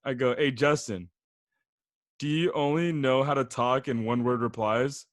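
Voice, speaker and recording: A man's voice: mid-range voice, measured pace, no room sound, clean studio sound. Laughing young man reading out texts. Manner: laughing storyteller, reads texts aloud in a mocking flat voice. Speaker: podcast host. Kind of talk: casual chat.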